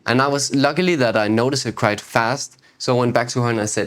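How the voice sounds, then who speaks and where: A man in a mid-range voice gives a reflective spiritual teaching talk as host of his own video series. He speaks in an unhurried way, circles back to repeat key phrases and asks rhetorical questions. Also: mid-range voice, fairly bright tone.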